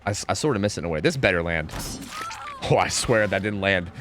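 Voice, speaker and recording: A man's voice: low-pitched, lively intonation, quick pace, a bit bright, soft background music. A young man streaming a game, chatting casually and rambling through answers to chat, often stumbling and repeating words.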